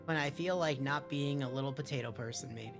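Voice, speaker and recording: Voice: medium pitch, a little fast, over music. A streamer chatting casually and swearing freely while playing a game live, often breaking off mid-sentence. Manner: profane, rambling, self-interrupting.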